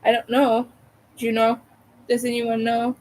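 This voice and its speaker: A woman casually chatting to her livestream viewers while she crochets, talking half to herself between quiet pauses and sounding tired. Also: a little high, completely flat delivery, poor audio.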